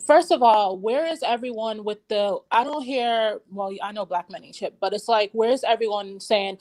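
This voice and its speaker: A woman's voice: medium pitch, normal speed, few pauses, a little mellow. A woman on a livestream panel, ranting angrily with heavy swearing in heated casual chat. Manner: angry, profane ranting.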